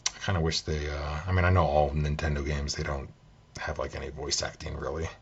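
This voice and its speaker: A man talking through his video game collection in a relaxed, soft-spoken way, thinking aloud as he goes, at home. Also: a bass voice, a little fast, slightly rough, lo-fi sound.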